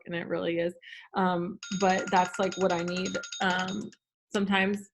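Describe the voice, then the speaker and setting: A woman's voice: fairly low pitch, little pitch movement, moderate pace. A woman talking casually on a video call, full of "like" and "um" fillers. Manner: chatty, lots of "like" and "um" fillers. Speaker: guest. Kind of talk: casual Zoom chat.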